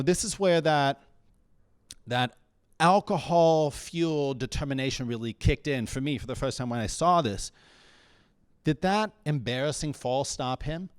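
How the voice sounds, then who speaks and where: In a small comedy bar, a man with a fairly high voice performs stand-up, captured in clean studio sound with no echo. He tells wry, rambling stories and often corrects himself mid-sentence.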